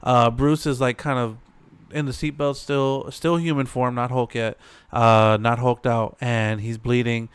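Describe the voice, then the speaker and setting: Man, casual slangy show recap, smooth clear voice, dry close sound. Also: medium pitch, level tone, unhurried, no echo. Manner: slangy, loose, full of fillers. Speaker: reaction video host.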